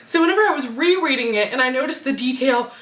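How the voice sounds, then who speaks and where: A young woman giving a casual book review vlog, gushing and excitable like a fangirl. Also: sits high, fast, echoey room. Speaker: book vlogger.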